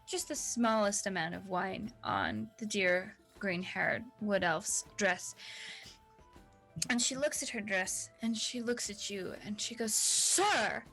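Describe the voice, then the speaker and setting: A woman's voice: mid-range voice, slow, a bit bright, faint music behind. A woman narrating as dungeon master in a chatty, playful way. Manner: chatty, playful, with many fillers. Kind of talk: narrating a tabletop game.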